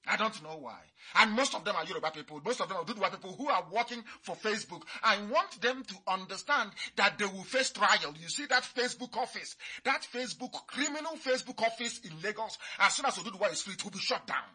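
A man's voice: high-pitched, animated, fast talker, few pauses, pushed and bright, husky. A man giving a fiery, mocking radio address, repeating his points. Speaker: radio broadcaster.

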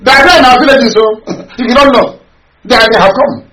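A man giving a fiery, scolding radio address that swings between loud outbursts and low, hushed asides. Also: brisk. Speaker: political broadcaster. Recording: echoey room with faint noise.

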